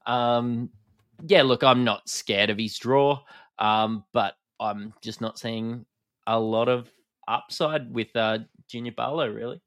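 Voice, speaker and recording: A man's voice: mid-range voice, steady tone, takes it slowly, a bit bright. A man co-hosting a casual fantasy sports podcast, easygoing and hedging his opinions. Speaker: podcast co-host.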